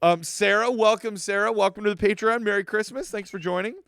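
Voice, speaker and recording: A man's voice: high voice, fairly quick, gravelly, clean tone, no echo, studio quality. A middle-aged man co-hosting a podcast, playful, riffing as he welcomes new members. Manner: playful, lively, riffs on names. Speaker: podcast co-host. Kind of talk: casual podcast chat.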